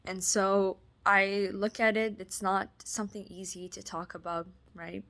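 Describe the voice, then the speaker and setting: A young woman from Canada talking in a personal faith vlog, halting, with many fillers and restarts. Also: mid-range voice, fairly even intonation, fairly bright tone. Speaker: vlogger.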